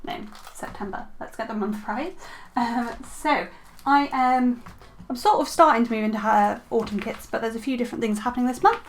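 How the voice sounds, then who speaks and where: A young adult woman chatting casually as a planner vlogger at her desk at home, talking through her stickers with lots of ums and quick self-corrections. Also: on the high side, faint music behind. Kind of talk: casual show-and-tell chat.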